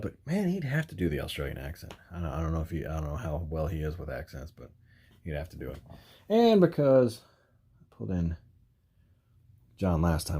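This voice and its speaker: A man's voice: low-pitched, mellow, husky. A man casually reviewing action figures for his channel, rambling with lots of fillers and the odd chuckle. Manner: rambling, filler-heavy, frequent "you know"; chuckles while handling figures. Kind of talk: casual toy review vlog.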